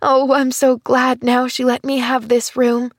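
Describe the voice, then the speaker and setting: A woman reading a storybook, voicing an earnest young orphan girl with an eager, breathless, high voice. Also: little pitch movement, unhurried, no echo, clean studio sound. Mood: delighted. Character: cheerful earnest orphan girl, around eleven.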